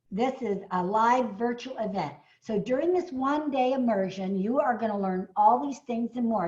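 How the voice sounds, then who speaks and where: Excitable woman pitching a webinar. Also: highs cut off. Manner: excitable, bursts of cheering, frequent fillers. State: slightly hoarse, coughing. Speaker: speaker trainer hosting a live webinar. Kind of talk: enthusiastic sales pitch on a video call. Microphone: video call.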